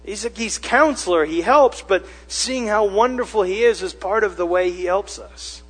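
A male pastor preaching a sermon, conversational at first and then building to loud, emphatic repetition. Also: high voice, moderate pace, husky. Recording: long hall reverb with mains hum.

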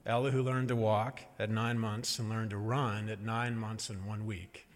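A middle-aged man tells a story on stage in a lively, animated way. He pauses for effect and acts out the voices he quotes. His voice carries a long reverb from a large hall. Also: fairly low pitch, noisy background. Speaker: speaker telling a family story to an audience.

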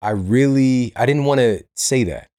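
A man hosting a podcast in casual interview chat, halting and repeating words as he talks. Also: mid-range voice, mellow, no echo, clean studio sound. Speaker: podcast host.

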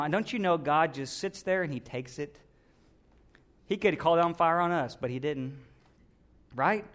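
Guy preaching, high voice, animated, acts out little voices. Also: a little slow, long pauses. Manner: animated preaching, acting out voices of people and God. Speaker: pastor. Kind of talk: sermon.

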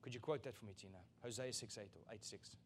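A man preaching a sermon as pastor, emphatic and repeating key lines, building to loud peaks. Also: on the low side, fast, a little hiss or hum.

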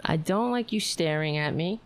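A woman's voice: low-pitched, lively intonation, normal speed. A tired woman hosting a casual livestream, chatting in a playful, rambling way. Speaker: livestream host.

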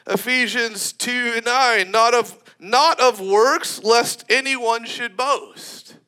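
A man preaching a sermon in an animated, emphatic way, often breaking into laughter. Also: very high-pitched, slow pace.

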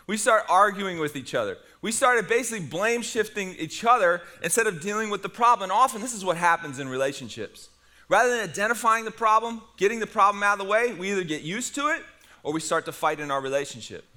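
Bright-voiced, animated preaching man. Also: sits high, fast talker. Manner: animated storytelling with humor. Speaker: pastor. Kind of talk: sermon.

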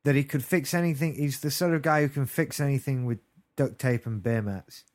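A man's voice: medium pitch, steady tone, fairly quick, darkish tone. A British man chatting casually as a podcast co-host, with wry, jokey asides. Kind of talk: casual chat.

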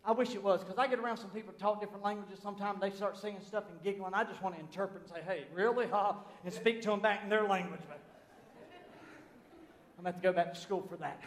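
A man with a Southern US accent, a pastor preaching a fiery, folksy sermon that swings between shouting and confiding. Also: high voice, steady tone, quick pace. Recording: echoey hall.

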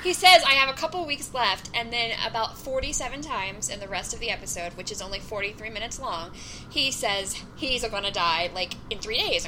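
A woman's voice: fairly high pitch, fairly quick, noisy background. A woman co-hosting a casual TV review podcast, blunt and dry in her criticism. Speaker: podcast co-host.

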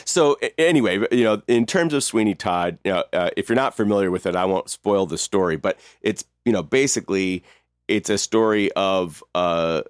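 A man co-hosting a casual talk about music, speaking thoughtfully with fillers and soft laughs. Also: low-pitched, moderate pace, clean tone. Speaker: podcast co-host. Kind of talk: casual chat.

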